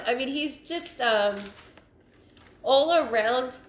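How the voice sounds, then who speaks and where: Halting, higher-voiced woman medium, roomy echo. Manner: halting, repeats phrases, thinks aloud. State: stuffed up. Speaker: psychic medium giving a live reading. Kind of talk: livestream reading.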